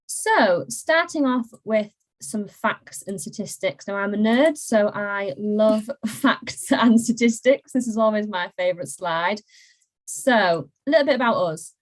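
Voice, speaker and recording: A woman's voice: mid-range voice, rough recording. A young woman presents as a recruitment marketer in a bubbly, self-mocking, casual style.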